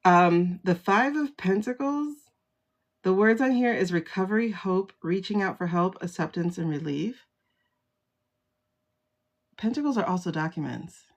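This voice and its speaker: A woman's voice: fairly low pitch, expressive, measured pace, long pauses. A woman hosting a casual livestream tarot reading, chatty and full of exclamations, greeting viewers by name as she talks into a phone. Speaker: tarot reader livestream host.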